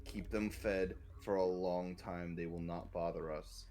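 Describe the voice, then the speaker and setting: A man playing a practical adventurer in a tabletop game, speaking in a slow, matter-of-fact way. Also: sits low, steady tone, mellow.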